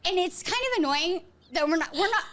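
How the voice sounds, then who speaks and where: A mother and podcast host telling a story in a rambling, animated way with lots of "like". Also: very high voice, a little fast, a crowd in the background. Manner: animated, rambling, heavy use of "like". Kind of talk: casual storytelling chat.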